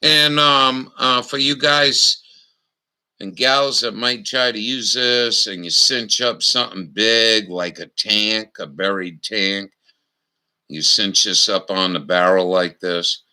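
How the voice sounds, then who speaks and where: A man hosting a casual livestream, showing knots slowly and cracking crude jokes with viewers in the chat. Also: fairly low pitch, sharp tone, clean tone, poor audio. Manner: salty, crude humor with frequent swearing; slow, instructional, talking to chat viewers. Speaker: livestream host.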